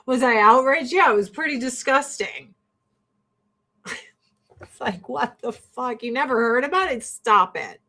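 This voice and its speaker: A woman hosting a livestream, chatting casually in a blunt, profane, animated ranting way with frequent laughter. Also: on the high side. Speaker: livestream host.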